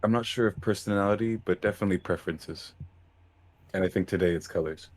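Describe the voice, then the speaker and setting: A man's voice: low voice, fast, darkish tone, no room sound. A man playing in a tabletop role-play, laid-back and a little hesitant. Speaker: player.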